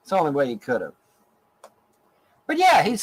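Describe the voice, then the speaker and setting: High-voiced man ranting angrily. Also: wildly swooping pitch, moderate pace, husky, rough recording. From Ohio, USA. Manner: angry, profane, repetitive ranting. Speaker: online show host in archived clip. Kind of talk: ranting live stream monologue.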